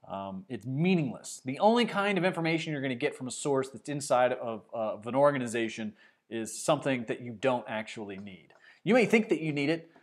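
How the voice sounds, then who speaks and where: Animated man talking sports. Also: mid-range voice, brisk. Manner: conversational, with frequent fillers and restarts. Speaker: sports talk show host. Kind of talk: casual sports commentary.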